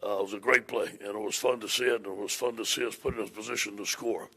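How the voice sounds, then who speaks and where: A man's voice: lowish voice, steady tone, fast, fairly bright tone, husky. A man speaking as a head football coach at a press conference, plain-spoken, often repeating and restarting his words.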